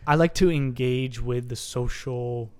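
A man's voice: mid-range voice, unhurried, darkish tone, smooth. A man co-hosting a casual film podcast, talking with passion and emphasis and often cutting in over his partner. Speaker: podcast co-host.

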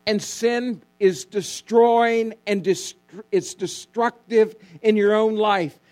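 High-voiced preacher, slow and emphatic. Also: male voice, fairly even intonation, a little mellow, faint music behind. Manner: emphatic preaching, repeats key words, asks congregation to respond. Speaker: pastor. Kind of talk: sermon.

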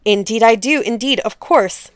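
A woman's voice: on the high side, moderate pace, dry recording, studio quality, natural voice. A woman reading as a stammering, humble town leader.

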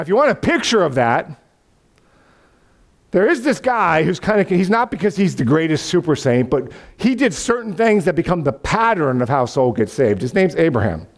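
Animated male preacher with a lively voice. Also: on the high side, moderate pace, long pauses. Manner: animated storytelling, acts out voices of God and Abraham, laughs. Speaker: pastor. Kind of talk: sermon.

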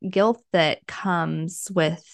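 Low, gravelly-voiced woman host. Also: steady tone, very slow, no echo, studio quality. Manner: thoughtful, musing, frequent fillers. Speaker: podcast host. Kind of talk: casual interview conversation.

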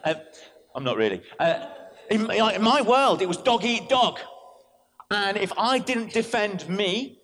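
A man, a vicar, preaching an animated sermon in church, telling stories and switching in and out of quoted voices. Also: high voice, measured pace, a little hiss or hum.

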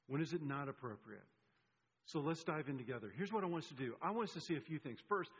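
Male pastor, middle-aged, sermon, husky voice, long reverb of a large hall. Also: a little high, fairly bright tone, dull audio. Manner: conversational, repeats key points.

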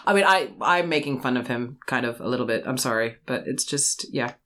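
A co-host in a casual chat who reacts quickly and drops joking asides. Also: medium pitch, pushed and bright. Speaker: podcast co-host.

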